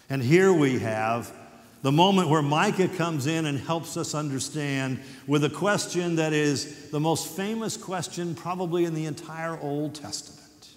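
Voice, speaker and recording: A middle-aged man giving a chapel sermon, earnest and conversational, reading scripture with dramatic pauses. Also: fairly high pitch. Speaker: university president speaking at chapel. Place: large hall. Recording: echoey hall, distant at times.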